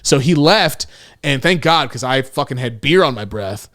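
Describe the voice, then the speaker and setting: This man's mid-range voice moves at a moderate pace, recorded cleanly in a studio without echo. As a podcast co-host he spins casual stories, cursing plenty and acting out the quotes with animation.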